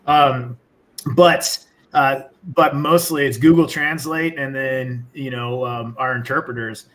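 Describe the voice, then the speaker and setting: A man's voice: medium pitch, slow pace, fairly bright tone. Rambling, profane male veteran storyteller. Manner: loose, profane, rambling with fillers. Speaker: military veteran guest. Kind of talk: casual storytelling.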